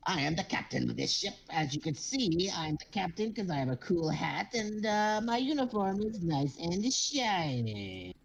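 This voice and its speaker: A boastful, bumbling kobold sea captain, as a man puts him on. The high, gravelly voice stretches its words slowly and chuckles at its own jokes. It sounds like a tabletop game session. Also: sing-song, exaggerated voice. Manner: boastful, chuckling, drawn-out goofy delivery.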